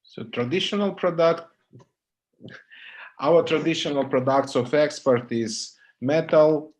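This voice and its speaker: A man giving a lecture over a video call, speaking halting English full of pauses and fillers. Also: a little high, darkish tone. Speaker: visiting lecturer. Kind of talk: online lecture Q&A.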